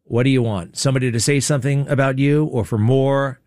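A man's voice: medium pitch, steady tone, a little fast, darkish tone, no echo. A man delivers opinionated political commentary as a talk radio host, leaning hard on his words with a sarcastic, needling edge. His voice sits close and dry on the microphone, with no room sound around it. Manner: emphatic and sarcastic, mocking impressions.

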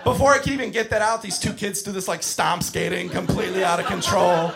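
A man doing stand-up comedy, telling stories with animated, shouted acted-out bits. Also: high-pitched, brisk, vocal fry, over loud music. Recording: live show with audience laughing. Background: crowd laughter.

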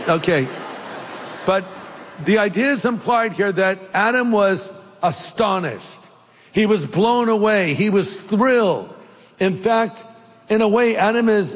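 A man's voice: high voice, in a large hall. A man preaching a sermon as a pastor, playful and joking at times. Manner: playful, jokes and puts on silly accents.

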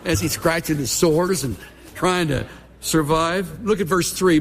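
A man's voice: a little high, animated, measured pace, long reverb tail, slight background noise. A middle-aged man, a pastor preaching a sermon with folksy, humorous storytelling.

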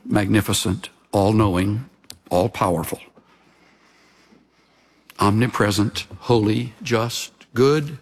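A man preaching a sermon as a pastor, in a measured, earnest delivery that sinks into hushed, intense passages. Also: on the low side, husky.

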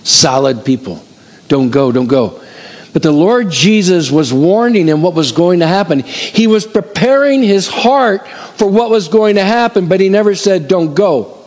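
A middle-aged man gives a sermon to his congregation in a church hall. His voice sits a little high for a man. He talks in a lively, animated way and calls out questions to the people in front of him. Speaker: pastor.

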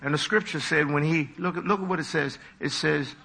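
A man preaching a sermon with dramatic delivery, acting out voices with big leaps in pitch. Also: moderate pace, gravelly, sharp tone, slight background noise.

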